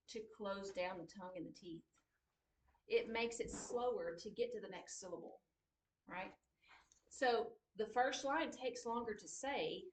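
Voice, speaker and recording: A woman's voice: mid-range voice, slight background noise. Woman teaching a class, echoey room. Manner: lively, brisk, reads lines aloud and beats rhythm with syllables. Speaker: high school writing teacher. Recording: echoey classroom from a distant mic.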